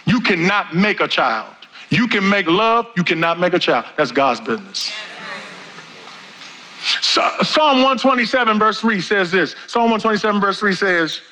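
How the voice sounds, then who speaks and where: A middle-aged male pastor preaching a sermon, with big swings in pitch and pace. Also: expressive, normal speed, pushed and bright, rough recording.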